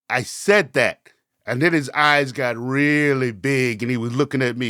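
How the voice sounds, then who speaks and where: A man telling a personal story, vivid and animated, with repetitions and acted-out quotes. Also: mid-range voice, measured pace, dry recording, clean studio sound. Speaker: storyteller and show host.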